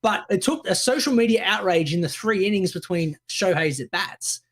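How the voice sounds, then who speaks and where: A man's voice: high-pitched, animated, normal speed. A man co-hosting a podcast, telling stories in a rambling, casual chat. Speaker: podcast co-host.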